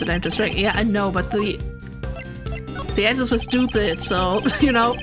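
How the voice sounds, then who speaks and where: A woman's voice: mid-range voice, moderate pace, long pauses. A woman giving casual, self-mocking commentary while playing a game, laughing often. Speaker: let's play host. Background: game music.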